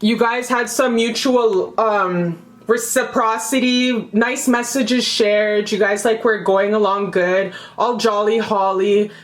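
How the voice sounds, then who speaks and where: A young woman giving a casual tarot reading to camera, chatty and emphatic, swearing freely and repeating phrases. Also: medium pitch. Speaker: tarot reader.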